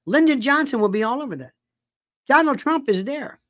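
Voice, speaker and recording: A man's voice: very high-pitched, lively intonation, moderate pace, a bit bright, dry recording, clean studio sound. Exasperated man firing rhetorical questions. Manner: exasperated, fires off rhetorical questions, repeats himself. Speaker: host of a political commentary show. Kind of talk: animated political monologue.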